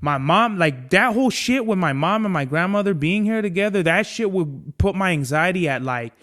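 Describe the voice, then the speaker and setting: A man's voice: high-pitched, normal speed. Candid, cursing young man venting. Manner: candid, profane, rambling with restarts; gets heated and animated when venting. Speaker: podcast host. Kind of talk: casual chat.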